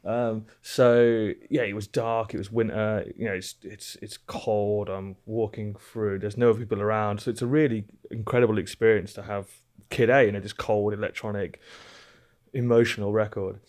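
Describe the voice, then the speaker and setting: Chatty British man with a lowish voice. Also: steady tone, moderate pace, a little mellow. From Britain. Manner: chatty, rambling, swears casually. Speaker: podcast co-host. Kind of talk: casual chat.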